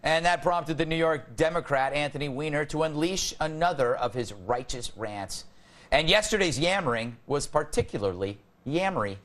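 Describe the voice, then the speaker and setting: A man's voice: fairly high pitch, lively intonation, normal speed, a bit bright. A man hosting a late-night panel show, joking and laughing often. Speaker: talk show host.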